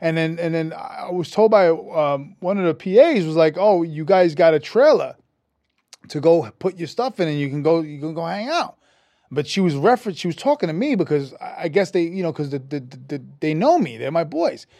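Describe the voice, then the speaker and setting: A man, a metal musician guest telling an animated, profane story in a casual interview, raising his voice when quoting people. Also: fairly high pitch, normal speed, dry recording. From New York. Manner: animated, profane, acts out quotes with a rising voice.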